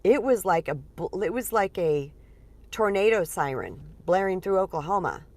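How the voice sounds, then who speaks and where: A woman in her forties, a spiritual empowerment coach, talking casually to her audience in an earnest, lively way with many fillers. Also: lowish voice, normal speed. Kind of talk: casual teaching monologue.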